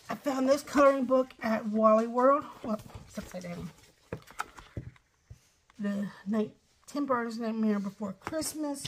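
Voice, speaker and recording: Middle-aged woman, slightly high voice, rambling craft walkthrough at home, keeps apologizing. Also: slight background noise. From Ohio, USA. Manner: chatty, rambling, apologetic asides. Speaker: craft vlogger. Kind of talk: casual show-and-tell craft walkthrough.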